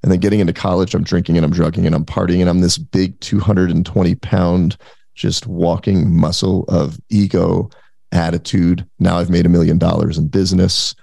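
A man with a very deep, gravelly voice tells his story as a podcast guest, lively and bouncing into other people's voices. The sound is close and dry, with no room around it. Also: moderate pace, no room sound. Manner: animated, acts out quoted voices. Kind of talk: casual storytelling.

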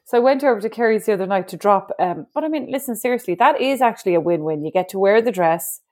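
A woman's voice: medium pitch, expressive, fast talker, a little mellow. A woman co-hosting a casual podcast chat, teasing and laughing, with frequent gasps. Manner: teasing, laughing, gasping reactions. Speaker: podcast co-host. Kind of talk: casual chat between sisters.

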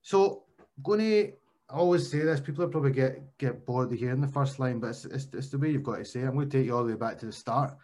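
A man's voice: medium pitch, fast, a little mellow. A man with a Glaswegian accent hosting a casual podcast interview, chatty and repeating his phrases. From Scotland. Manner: chatty, repeats phrases, calls guest mate. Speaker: podcast host.

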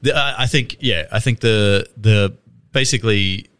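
A man's voice: on the low side, unhurried, a bit bright. Laid-back, swearing man. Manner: chatty, swears freely, laughs often. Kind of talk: casual chat reviewing a trailer.

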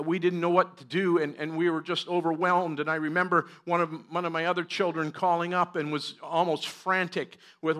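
Middle-aged pastor from Canada, sermon delivery, bright forceful tone, earnest and fervent. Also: male voice, fairly high pitch. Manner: earnest storytelling, rising to fervent preaching.

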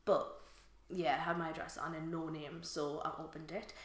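A woman's voice: deep voice, flat delivery, moderate pace, echoey room. A woman, co-hosting a podcast in casual chat, telling stories and laughing often. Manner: chatty storyteller, laughs often. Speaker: podcast co-host.

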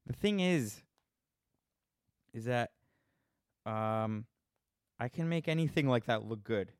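A man's voice: mid-range voice, animated, takes it slowly, pauses often, clear, resonant tone, dry recording, clean studio sound. A man ranting casually to his viewers, sarcastic and rambling, poking fun at himself. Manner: sarcastic, rambling, self-mocking. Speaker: vlogger. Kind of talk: casual opinion rant.

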